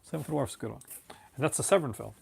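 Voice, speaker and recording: Tired, gravelly man chatting on video. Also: mid-range voice, racing, a little mellow, a little hiss or hum. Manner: rambling, many fillers and restarts. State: tired, yawning. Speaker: video host. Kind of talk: casual late-night video chat.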